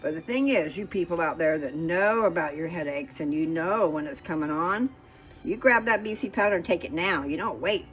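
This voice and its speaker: A woman's voice: fairly low pitch, normal speed, a bit bright, low-quality recording. A woman vlogger in her kitchen, talking casually and folksily to her viewers and often checking in with "okay?".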